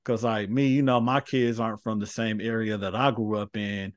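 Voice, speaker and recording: A man's voice: lowish voice, flat delivery, moderate pace, no room sound, studio quality. A man from Los Angeles hosting a podcast, talking casually and emphatically, often asking "you know what I'm saying". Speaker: podcast host. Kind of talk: casual conversation.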